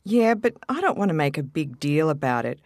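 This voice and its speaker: A woman with an Australian accent performing a scripted dialogue for language learners, talking clearly and earnestly. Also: sits low, sing-song, brisk, a little mellow, no echo, studio quality. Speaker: textbook dialogue speaker.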